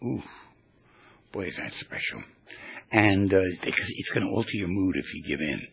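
A male radio host and therapist talks in a casual, animated way, his voice rough with fry and breath. The sound is dry and close, a bit dull and lo-fi. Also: deep voice, normal speed, dry recording. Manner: animated, rambling storyteller. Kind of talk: casual radio talk with storytelling.

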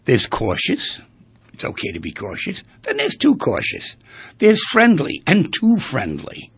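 A man speaking as a therapist in a lecture-style monologue, animated and full of rhetorical questions, with a gravelly, husky voice. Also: on the high side, dry recording. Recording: dull lo-fi recording.

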